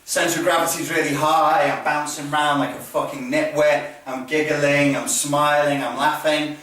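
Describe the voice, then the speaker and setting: A man's voice: a little high, flat delivery, normal speed, fairly bright tone. Blunt, profane man in an echoey hall. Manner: blunt and profane, swears freely. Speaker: martial arts instructor. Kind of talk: demonstration lesson. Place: training hall. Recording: very echoey hall, mic far off.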